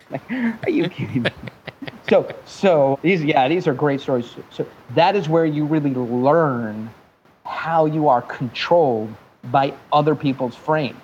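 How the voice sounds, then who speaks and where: An animated man tells a story slowly as a podcast guest, joking and cursing freely. His voice sits high and jumps around as he mimics accents. The audio is dull and lo-fi with faint noise underneath.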